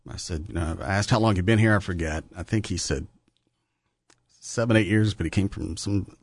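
A man's voice: deep voice, fairly quick, no room sound, studio quality. A man with a Texan accent hosting a radio talk show, joking with his co-host and reading out listener emails. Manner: joking, laughs often, reads emails aloud. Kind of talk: casual radio banter.

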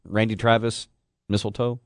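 A man co-hosting a radio show, easygoing and quick to laugh as he banters. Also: lowish voice, level tone, no echo, studio quality. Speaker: radio news co-host.

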